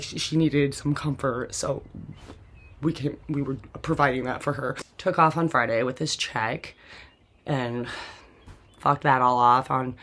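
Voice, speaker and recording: A woman's voice: deep voice, a bit bright, slight background noise. A woman host telling a personal story from memory in a rambling, casual way, with constant "like" and frequent restarts. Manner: rambling, heavy use of "like", restarts, occasional swearing.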